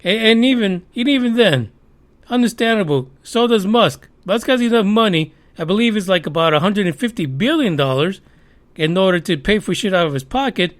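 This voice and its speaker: Man, high voice, podcast host, profane sarcastic rant. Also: lively intonation, a little fast. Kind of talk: ranting news commentary.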